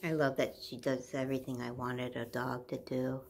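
A woman in her forties with a strikingly deep voice talks casually to her phone camera at home. She rambles from one small thing to the next and slips into soft, cooing baby talk with her dog, with a faint hiss of noise behind her. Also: level tone, moderate pace, gravelly. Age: 40s. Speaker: vlogger. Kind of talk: casual home vlog chat.

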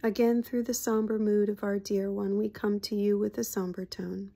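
A woman voicing a gentle, somber channeled spirit collective in a whispered role-play, speaking in a slow, solemn, loving way. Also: mid-range voice, flat delivery, creaky.

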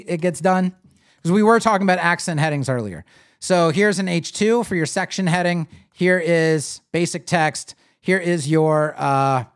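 A man with a fairly high, smooth voice hosts a live web design stream. Casual and animated, he talks to viewers and explains as he clicks through a site builder for this screen-share tutorial.

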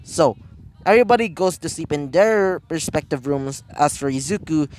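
A man's voice: fairly high pitch, expressive, normal speed, poor audio. A man casually narrating a fan story, rambling with lots of fillers and correcting himself as he goes.

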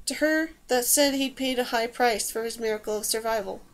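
High-voiced woman reading a fantasy story. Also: brisk. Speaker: audiobook reader. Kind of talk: scripted narration.

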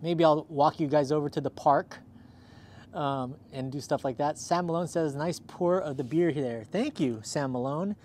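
Hosting a casual outdoor livestream in the cold, a chatty Southern California man thanks viewers one at a time in an upbeat way, sounding a bit out of breath. His voice is fairly high and darkish, at a normal pace, with slight background noise.

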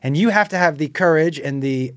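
A man's voice: a little high, brisk, fairly bright tone, no room sound. A male comedian guest talking earnestly, often stopping to correct his choice of words. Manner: earnest, searches for words, restarts sentences. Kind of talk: casual chat.

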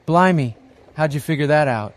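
A man's voice: mid-range voice, moderate pace, natural voice. Snappish evasive mom in a told joke, voiced by a man. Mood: astonished. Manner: snappish, exclaiming. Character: exasperated mother, evasive and snappy.

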